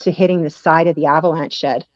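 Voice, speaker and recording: A woman's voice: deep voice, steady tone, quick pace, no room sound. A woman guest in an interview, telling a personal story and acting out the lines of people in it. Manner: acts out quoted dialogue, laughing at times. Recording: dull lo-fi sound, dry.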